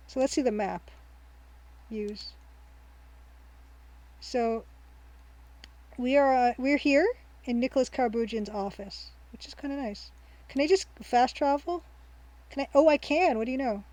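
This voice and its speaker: Her voice sits a bit high as she plays through a game on stream, offering relaxed, rambling let's-play talk peppered with ums and restarted thoughts. She's happy and laughs easily; the tone is dark and the audio quality is poor.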